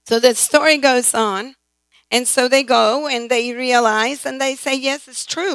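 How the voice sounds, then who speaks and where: Bright-voiced woman preaching a sermon. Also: high-pitched, fairly even intonation, normal speed, no room sound, poor audio. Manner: emphatic, calls for responses from the congregation.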